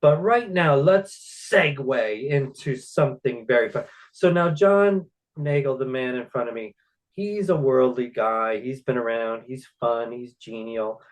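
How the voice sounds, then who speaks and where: An upbeat man with a Long Island accent hosts a relaxed interview, his voice sitting at an ordinary middle pitch. He laughs easily and keeps the chat moving along. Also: measured pace, poor audio. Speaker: podcast host. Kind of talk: casual interview.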